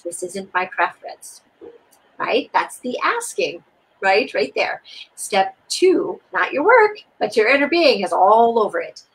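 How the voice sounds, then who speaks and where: Lively, breathy woman teaching spirituality. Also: medium pitch, rough recording. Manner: expressive, soothing and repetitive. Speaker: co-host.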